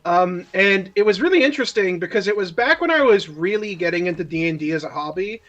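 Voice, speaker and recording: A man who runs tabletop games, telling a story in casual chat with friends, animated and joking, swearing freely. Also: high voice, quick pace, muffled recording. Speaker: dungeon master and podcast co-host. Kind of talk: casual chat while gaming.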